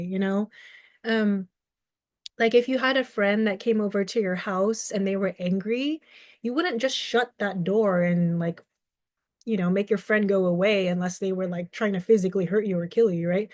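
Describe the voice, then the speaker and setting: A woman's voice: medium pitch, moderate pace, a little mellow, no room sound, clean studio sound. A young adult woman, a mental health advocate, giving earnest, reflective video commentary and explaining her view with everyday examples. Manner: acts out short quoted exchanges.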